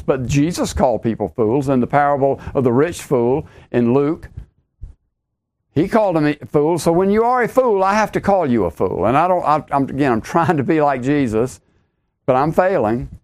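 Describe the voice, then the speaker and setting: A man's voice: a little high, darkish tone. A middle-aged man preaching a podcast sermon, emphatic, repeating his key lines and rising sharply on exclamations.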